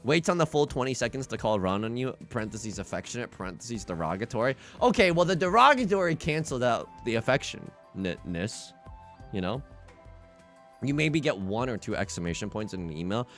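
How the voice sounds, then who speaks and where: A man streaming a game while casually chatting and answering chat, animated and self-deprecating. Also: medium pitch, brisk, soft background music.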